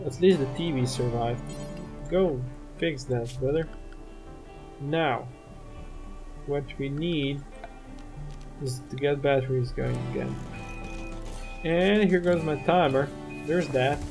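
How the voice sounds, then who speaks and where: A man with a slightly high, gravelly voice narrates his gameplay at an unhurried pace, muttering to himself and cursing when things go wrong. He sounds exasperated, like a let's play host talking into a desk microphone. Soft game music plays faintly behind him. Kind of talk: gameplay commentary.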